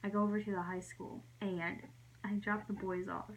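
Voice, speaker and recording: A young woman chats straight to the camera in a casual story-time vlog, her voice sitting at an ordinary middle pitch. She rambles through the story, giggles often and slips into soft whispers for her asides. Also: level tone, moderate pace, lo-fi sound, a little hiss or hum. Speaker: vlogger.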